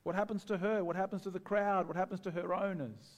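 A man preaching a sermon in a conversational, animated way, often acting out the voices of people in the story. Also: high voice, fast, big-room sound. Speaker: pastor.

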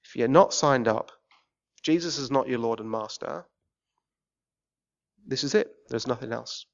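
An English man preaching a sermon in a church, swinging between shouted rants and quiet pleading. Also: medium pitch, measured pace, vocal fry, long pauses, muffled recording. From England. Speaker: visiting preacher.

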